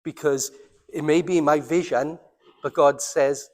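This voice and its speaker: Welsh pastor preaching in a reverberant hall. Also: male voice, a little high, steady tone. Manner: earnest, slows down and drops to near silence for emphasis. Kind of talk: sermon. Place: church.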